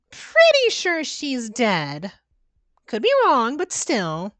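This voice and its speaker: Bright, animated woman playing horror games. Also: fairly high pitch, takes it slowly, dry recording. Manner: sarcastic, playful, exaggerated reactions. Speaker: VTuber game streamer. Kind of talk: let's-play horror game commentary.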